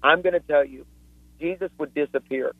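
A man's voice: on the high side, normal speed, no room sound. A man preaching with fervent, earnest storytelling as a guest author on a radio talk show. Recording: dry tinny phone line.

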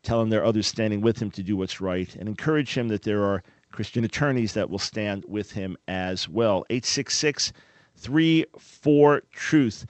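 Male radio host, low voice, dry close sound, earnest and emphatic delivery. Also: normal speed, few pauses, dry recording. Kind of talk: call-in radio talk.

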